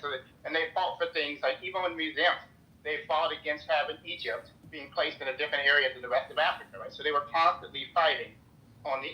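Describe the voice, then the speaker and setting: An American man, a guest speaker in an audio chat room, talks earnestly in a casual discussion full of restarts and "right?" asides. His voice is a little high with a sharp tone, and the recording quality is low.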